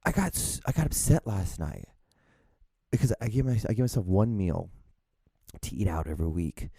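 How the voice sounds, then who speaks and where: A man talks through a solo podcast in a loose, rambling way, cursing and poking fun at himself. His voice sits low and sounds dark and mellow. The recording is dry and close, with no room around it. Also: big pitch swings, normal speed, gravelly, slightly rough, dry recording. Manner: rambling, self-deprecating, swears freely, acts out both sides of conversations. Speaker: podcast host.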